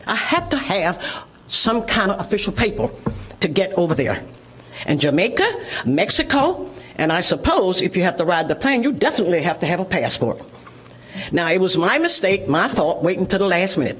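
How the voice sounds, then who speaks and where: A woman's voice: lowish voice, breathy edge, poor audio. An older woman, out of breath, giving an emphatic, folksy public comment at a city meeting and tagging her points with "okay?". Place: city council meeting room.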